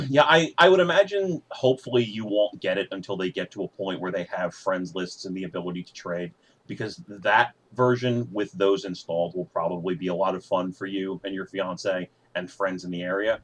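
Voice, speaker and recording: A male podcast host with a low, husky voice chats in a relaxed way. He explains things patiently and drops the odd casual swear word. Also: normal speed. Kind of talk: casual chat.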